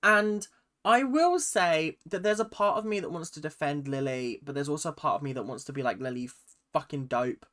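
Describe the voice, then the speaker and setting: A vlogger ranting casually about a reality show, animated and swearing freely. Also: mid-range voice, a little fast. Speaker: YouTube recap vlogger.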